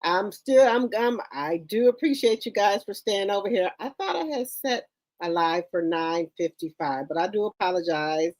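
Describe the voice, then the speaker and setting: A woman with an expressive, mid-range voice at normal speed hosts a casual livestream. She greets viewers by name in an informal, repetitive, chatty way, with features.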